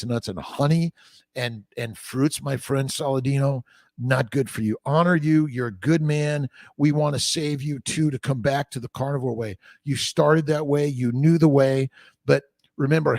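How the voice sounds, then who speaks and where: A man's voice: mid-range voice, vocal fry, a little mellow, no echo, studio quality. A man, a fertility doctor, answering viewer questions on a casual livestream, blunt and profane as he jumps from topic to topic. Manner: reads out viewer comments and answers them.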